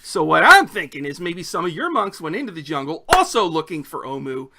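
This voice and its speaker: A man narrating a tabletop game as game master, telling the scene with animated storytelling. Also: fairly high pitch, a little fast, heavy background noise.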